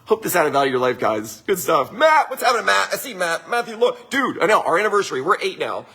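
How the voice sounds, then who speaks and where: Upbeat and chatty, a middle-aged man who owns a winery delivers a casual pep talk on his livestream, frequently tacking questions onto his lines. He talks fast in a high, sing-song voice with a sharp tone, and there's slight background noise.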